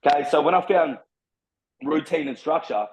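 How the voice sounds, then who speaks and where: A young Australian man, a personal trainer, telling his story in casual chat, blunt and full of swearing. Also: fairly high pitch. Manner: blunt, heavy swearing, fast and driven. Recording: slightly dull lo-fi sound.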